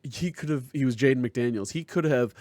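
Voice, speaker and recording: A man's voice: mid-range voice, a little fast, darkish tone, no echo. A man co-hosting a casual podcast review, thinking aloud and searching for the right words. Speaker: podcast co-host.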